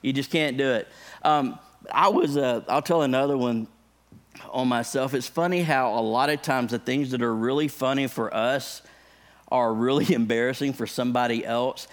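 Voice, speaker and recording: A man who is a pastor, telling a funny personal story as part of a sermon, animated, with his voice jumping up high when excited. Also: normal speed.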